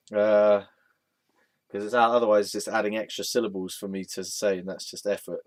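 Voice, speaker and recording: A vlog host with a lowish, expressive voice rambles at a moderate pace, playful and joking. He talks aloud to an image of a deity as though chatting with a friend.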